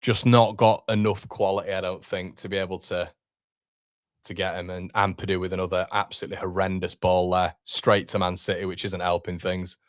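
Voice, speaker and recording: Young man, live fan commentary, frustrated, swears, low voice, dry sound. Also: little pitch movement, a little fast, no echo. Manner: frustrated, swearing, talks to chat. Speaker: fan watchalong host.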